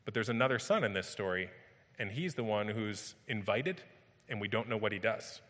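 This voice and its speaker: A man's voice: lowish voice, lively intonation, normal speed, fairly bright tone. A man preaching a sermon as pastor, retelling scripture emphatically and vividly, often repeating his phrases. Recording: long hall reverb.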